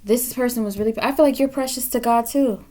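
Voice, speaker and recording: A woman's voice: on the high side, fast talker, a little mellow. A woman doing a pick-a-card tarot reading, scolding the viewer bluntly with frequent swearing. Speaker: tarot reader.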